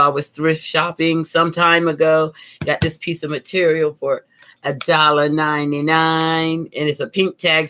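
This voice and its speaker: A middle-aged woman with a low, somewhat bright voice hosts a live craft tutorial from her home craft desk indoors. An art teacher and channel host, she chats upbeat with viewers as she works.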